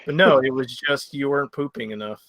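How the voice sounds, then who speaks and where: A man's voice: medium pitch, fairly quick, fairly bright tone, dry recording. A male podcast co-host telling crude stories bluntly in casual chat, swearing freely.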